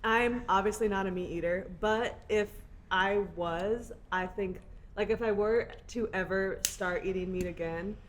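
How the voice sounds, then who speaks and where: A young woman with a Southern American accent hosts a podcast conversation, talking in quick, animated bursts and laughing a lot. Her pitch sits in the middle for a woman. There is a faint background hiss. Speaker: podcast host. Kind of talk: casual chat.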